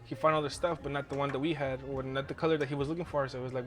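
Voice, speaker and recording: A man's voice: mid-range voice, steady tone, rapid-fire. A young man hosting a podcast, telling a rambling, profanity-laced story in casual chat and laughing as he goes. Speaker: podcast host.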